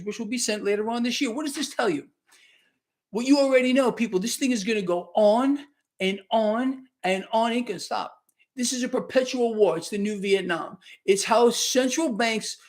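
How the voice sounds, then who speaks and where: Emphatic high-voiced male market host. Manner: emphatic, sarcastic, conversational rants. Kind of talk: live-streamed market commentary with chat Q&A. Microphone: new microphone.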